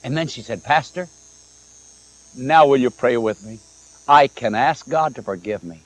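A man's voice: mid-range voice, measured pace, dry recording, low-quality recording. A man preaching a sermon, telling stories and acting out the dialogue of the people in them. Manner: animated storytelling, acts out quoted dialogue. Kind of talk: old-time sermon with told stories.

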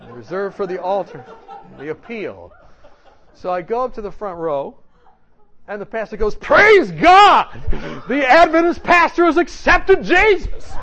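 A male pastor telling humorous stories in a sermon, animated and laughing often. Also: high-pitched, lo-fi sound. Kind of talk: storytelling sermon.

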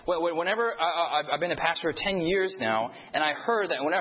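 A man's voice: a little high, expressive, quick pace, few pauses, a little hiss or hum. A male pastor leading a sermon, reciting scripture with the congregation and often stumbling and restarting with playful asides. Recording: dull audio with long hall reverb.

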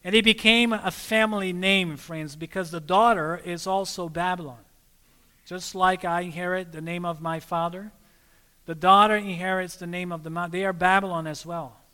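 A man preaching a sermon, often pausing to let listeners fill in the next word and calling them friends. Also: high voice, steady tone, bright, forceful tone, smooth, in a large hall.

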